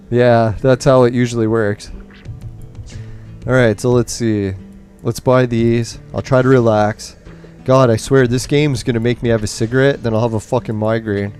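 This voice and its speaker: Angry gamer dude cursing at his game, mellow low tone, faint music underneath. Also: steady tone, moderate pace. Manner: angry swearing rant. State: nicotine withdrawal. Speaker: gaming streamer. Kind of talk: live game commentary.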